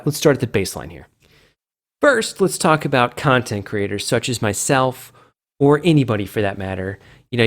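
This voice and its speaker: Man, casual solo video host, rambling, self-correcting, playful, medium pitch. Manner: acts out fans' reactions with sudden pitch jumps. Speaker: host of a game community video series.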